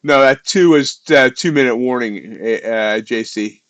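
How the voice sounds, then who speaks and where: A man's voice: medium pitch, unhurried, a bit bright. A man from eastern Pennsylvania hosting a live stream, bantering casually with viewers in a loose, rambling way.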